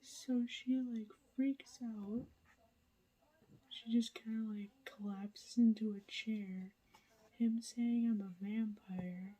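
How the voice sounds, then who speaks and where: A woman's voice: a little high, little pitch movement, slow, warm tone, husky, poor audio. A woman whispering a casual late-night reading vlog update, chatty and full of ums and likes. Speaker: book vlogger.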